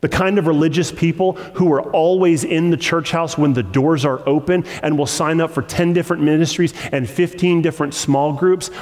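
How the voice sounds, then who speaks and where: A man's voice: medium pitch, creaky, darkish tone. A man preaching a sermon as pastor, earnest and repeating phrases to press his point home. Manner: earnest, with repetition for emphasis and rising intensity. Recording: long hall reverb.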